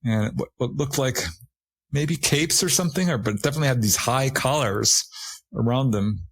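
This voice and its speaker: A man appearing as a guest, a paranormal investigator, retells a witness's story in casual conversation at a moderate pace, with a breathy edge and no room sound. The retelling is animated: he laughs often and raises his pitch to act out the witnesses he quotes.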